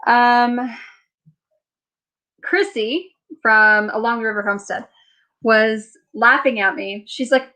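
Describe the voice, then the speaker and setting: A woman's voice: on the high side, slow pace, long pauses, bright, forceful tone. A tired woman hosting a long live chat from home, chatting and rambling as she reads viewer comments and laughs often. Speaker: livestream host.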